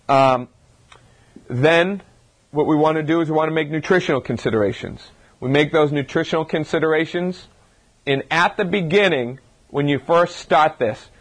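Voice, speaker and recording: A man, a chiropractor, gives an informal lecture to a live audience, talking through his points with rhetorical questions and frequent restarts. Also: a little high. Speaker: chiropractor giving a health talk.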